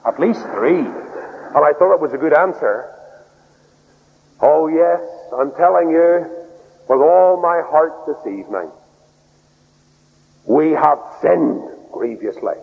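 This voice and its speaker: A man preaching a sermon, swinging between loud raised outbursts and low, soft lines. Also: lively intonation, slow, creaky, pauses often, husky. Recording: tinny phone-like radio broadcast in a hall.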